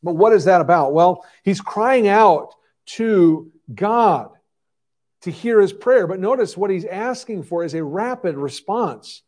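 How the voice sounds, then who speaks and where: A man's voice: high-pitched, animated, unhurried, darkish tone. A man preaching an expository sermon, earnest and conversational, often restarting his phrases. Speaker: pastor.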